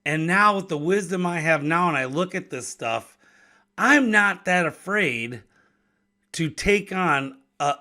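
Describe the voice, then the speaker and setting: A man's voice: high-pitched, animated, measured pace, bright, forceful tone. A man in his fifties from Wisconsin, hosting a casual solo talk about business risk, conversational and given to restarting his words. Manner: conversational, repeats and restarts words, laughs between thoughts. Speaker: podcast host and business owner.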